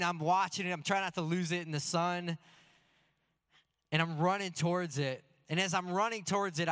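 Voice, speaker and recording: A man preaching a sermon as a pastor in a church sanctuary, telling stories earnestly and slowing down to stress key phrases. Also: on the high side, a bit bright. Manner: earnest storytelling with slow emphatic phrases. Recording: long hall reverb.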